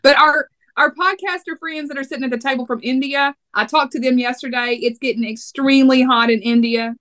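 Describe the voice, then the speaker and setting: A woman's voice: sits high, fairly even intonation, fairly quick, pushed and bright. A woman with a Texas accent hosting a podcast, chatting in a playful, teasing way. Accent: Texan. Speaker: podcast host. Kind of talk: casual podcast chat.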